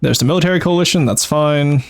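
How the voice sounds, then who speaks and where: A man's voice: on the high side, fast talker, clear, resonant tone. Man thinking aloud over a game. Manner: thinking aloud, explaining tactics with frequent fillers. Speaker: streamer playing a strategy game. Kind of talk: casual live-stream commentary.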